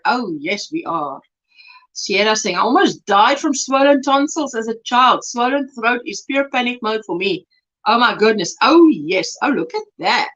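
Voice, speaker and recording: A South African woman with a high voice hosts a crochet livestream, chatting casually and effusively reading viewer comments aloud, exclaiming over their work and laughing. She's recovering from throat swelling, and the livestream audio is dull and lo-fi.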